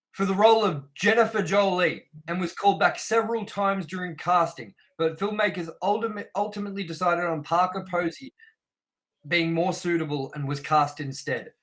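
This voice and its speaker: A young man trades opinions on a film with a co-host, reading trivia aloud in a blunt, animated way. His voice sits a little high and sounds bright. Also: normal speed, rough recording. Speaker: podcast co-host. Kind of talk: casual film review chat.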